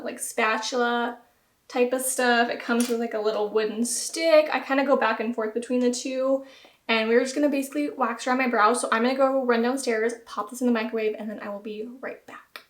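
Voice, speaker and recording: A young woman with a light Southern accent, chatting casually and self-deprecatingly through a home beauty tutorial. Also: on the high side. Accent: American Southern. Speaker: beauty vlogger. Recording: roomy echo.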